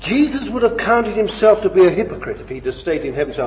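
A man preaching a sermon, impassioned, with rhetorical questions, swinging between loud and hushed. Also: sits high, big pitch swings, quick pace. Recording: dull old recording in an echoey hall.

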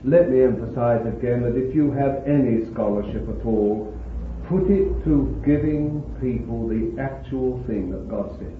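A man's voice: mid-range voice, measured pace, a little hiss or hum. Man preaching an emphatic sermon on a tinny, echoey tape. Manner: emphatic, exclaiming, with chuckles.

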